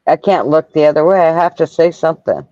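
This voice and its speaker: High-voiced outspoken man, dull lo-fi audio. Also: fast talker, warm tone, no room sound. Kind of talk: casual live-stream chat.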